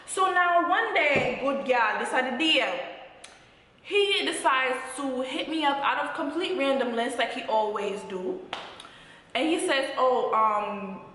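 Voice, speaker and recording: A young woman with a Jamaican accent telling a storytime vlog at home in a sassy, animated way. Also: high-pitched, unhurried, slight background noise. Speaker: vlogger. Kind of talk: casual storytime. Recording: very echoey room, long reverb.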